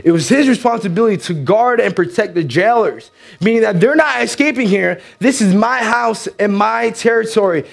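A man's voice: high voice, normal speed, gravelly, soft background music. A man preaching in church, telling a story with energy and acting out the characters. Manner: animated, acts out the characters. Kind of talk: sermon storytelling.

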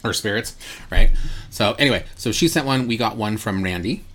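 A man's voice: on the low side, a little fast, a bit bright, a little hiss or hum. A man co-hosting a podcast in casual chat, rambling with lots of fillers and restarts. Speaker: podcast co-host.

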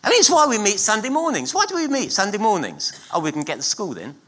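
A middle-aged man preaching a sermon in church, emphatic and repeating key phrases with pauses between them. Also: high-pitched, big pitch swings, a bit bright, slightly rough. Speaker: pastor.

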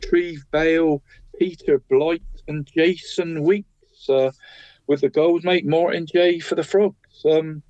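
Speaking slowly in a fairly high, steady and slightly mellow voice, a man co-hosts a local football show and chats through weekend results in a casual round-up. He keeps calling his co-host "mate," and the audio is dry and dull lo-fi with no room sound.

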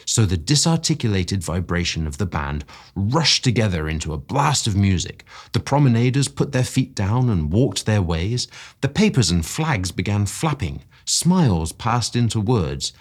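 A man reading a classic story aloud as narration in an expressive way that rises with excitement. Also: fairly low pitch, moderate pace, breathy edge. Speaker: podcast story reader.

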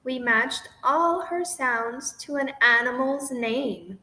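A woman reading a rhyming children's picture book aloud in an expressive, sing-song way. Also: high voice, slow, hardly any pauses. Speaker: storybook reader. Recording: roomy echo with faint noise.

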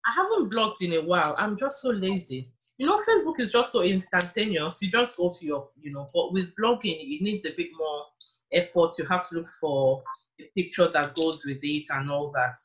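A woman's voice: lowish voice, animated, a little fast, low-quality recording. A middle-aged woman with a Nigerian accent, chatting as a guest on an interview show, chatty and self-deprecating. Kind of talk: casual interview chat.

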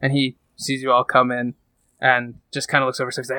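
A man's voice: mid-range voice, completely flat delivery, fairly quick, bright, forceful tone, dry recording. A man narrating a tabletop roleplaying game as game master, casual and full of fillers.

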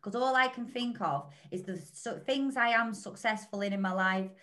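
A woman's voice: mid-range voice, moderate pace, fairly bright tone. A woman co-hosting a podcast, talking in an earnest, rambling way with frequent restarts. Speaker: podcast co-host. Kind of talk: reflective casual chat.

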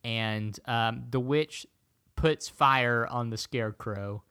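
A man from Tennessee casually retelling a movie plot to a friend, rambling with fillers and quick quoted voices. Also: medium pitch, sharp tone, clean tone, dry recording, clean studio sound. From Chattanooga, Tennessee.

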